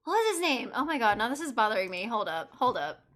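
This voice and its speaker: A woman's voice: on the high side, sing-song, fast, a bit bright. A woman streamer chatting casually and swearing as she plays through a game. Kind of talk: casual game playthrough chat.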